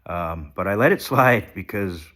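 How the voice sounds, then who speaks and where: A man holds a phone and vlogs while sick and shaky, his sinuses stuffed up. His low, animated voice sounds pushed and bright at a normal speed. He rambles, swears and puts himself down in a casual, confessional way.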